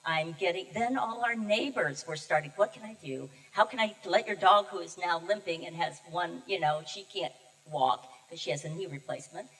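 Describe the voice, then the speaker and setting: An older woman minister giving a heartfelt, personal sermon, telling her story with pauses and emotion. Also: on the low side, a bit bright. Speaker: guest minister. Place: church sanctuary. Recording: distant mic in a reverberant sanctuary.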